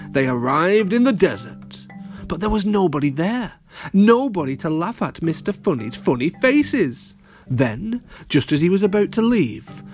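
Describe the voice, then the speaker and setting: A man reading a children's audio story aloud, playful and talking to the kids directly. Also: medium pitch. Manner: animated, playful, addresses children.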